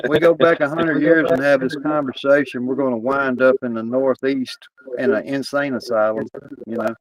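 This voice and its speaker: Male panelist, mid pitch, rambling jokey delivery, dead dry room. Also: fairly even intonation, moderate pace, no echo, poor audio. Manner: rambling, joking, swears casually. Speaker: podcast panelist. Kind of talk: casual panel chat.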